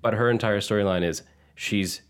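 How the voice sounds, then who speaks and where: A man's voice: lowish voice, fairly even intonation, moderate pace, clean tone. A man co-hosting a casual podcast who gives blunt, opinionated rants. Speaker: podcast co-host. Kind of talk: casual chat.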